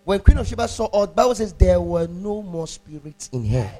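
A man preaching a sermon, animated, half-singing his phrases, laughing and quizzing the congregation. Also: high voice, brisk. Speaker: pastor.

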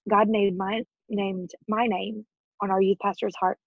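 Husky woman in her thirties, earnest. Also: medium pitch, level tone, a little slow, no room sound, narrow, tinny audio. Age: 30s. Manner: earnest and emotional, often laughing, near tears. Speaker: interview guest. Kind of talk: personal faith story in an interview.

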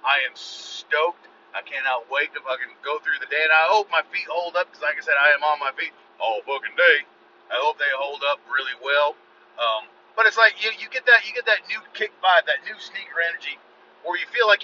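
A man in his thirties ranting excitedly about his new sneakers in a casual vlog, swearing constantly and saying y'all again and again. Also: on the high side, normal speed, slight background noise. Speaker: vlogger. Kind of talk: casual profane rant to camera. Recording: dull lo-fi car recording.

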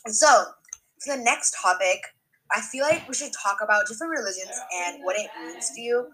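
A young woman co-hosting a casual podcast, telling stories in an animated, exclamatory way. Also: fairly high pitch, a little fast, crowd noise, low-quality recording. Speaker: podcast co-host. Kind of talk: casual chat.

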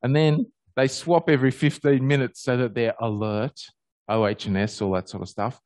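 An Australian man preaching in a relaxed, storytelling way, his voice leaping upward whenever he gets excited. The recording is dry and close, with no room sound. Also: normal speed, dry recording. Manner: animated storyteller, pitch jumping high on happy moments. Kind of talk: conversational sermon with personal stories.

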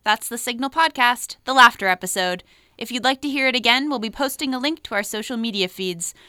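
A woman's voice: fairly high pitch, fairly quick, sharp tone, smooth, no echo, clean studio sound. A woman co-hosting a podcast, reading the outro and credits in an upbeat scripted way. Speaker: podcast co-host.

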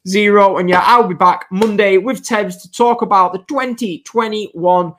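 Chatty podcast host. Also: male voice, high-pitched, moderate pace, a bit bright. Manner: rambling, chatty, self-deprecating. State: out of breath. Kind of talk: solo podcast chat.

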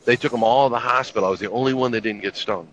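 A man's voice: mid-range voice, rapid-fire, fairly bright tone, a little hiss or hum. A man in his fifties telling army stories in casual chat, with a laid-back, profane, wry delivery. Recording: dull lo-fi recording with faint ambience.

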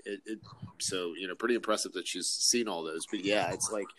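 A man co-hosting a podcast in relaxed casual chat, often restarting his sentences. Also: low-pitched, fairly quick, slight background noise. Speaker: podcast co-host.

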